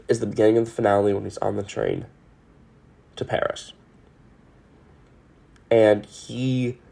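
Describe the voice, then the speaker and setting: A woman hosting a podcast, rambling through an emotional, swear-filled recap. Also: extremely low pitch. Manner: animated, emotional, swears a lot. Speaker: podcast host.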